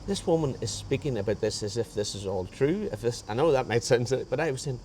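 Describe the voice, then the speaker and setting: A man's voice: mid-range voice, expressive, fast, a little mellow, a little hiss or hum. A man telling a personal story in a rambling, conversational way, often restarting his sentences. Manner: rambling, with frequent restarts and reported dialogue. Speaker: guest sharing a faith testimony.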